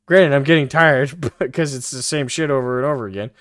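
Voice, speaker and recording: A man's voice: mid-range voice, fairly quick, fairly bright tone, no room sound, studio quality. A male live-stream host reacting to a clip, profane and mocking, laughing often as he talks.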